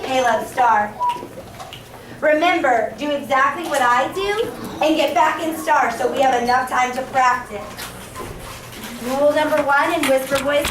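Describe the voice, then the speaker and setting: A young woman teaching an elementary class, giving brisk countdowns, directions and praise to her students. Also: high voice, background noise. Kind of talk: classroom management. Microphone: camera across the room. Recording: distant echoey classroom camera audio. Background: children moving about.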